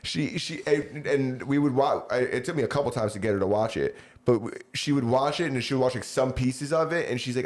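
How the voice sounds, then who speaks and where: Male co-host, 30s, mid-pitched, laid-back and agreeable in casual talk. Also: brisk, hardly any pauses. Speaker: podcast co-host. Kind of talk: casual chat.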